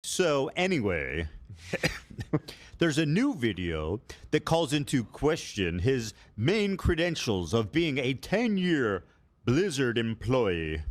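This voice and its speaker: Animated, sarcastic podcast man. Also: medium pitch, slow pace. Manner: sarcastic, mocking, animated delivery. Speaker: podcast host. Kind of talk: podcast banter.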